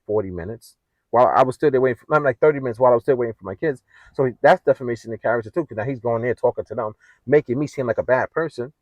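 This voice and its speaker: Animated American man telling a story. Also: medium pitch, no echo, low-quality recording. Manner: animated, repeats himself, frequent "you know what I'm saying". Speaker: vlogger. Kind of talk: casual storytelling rant.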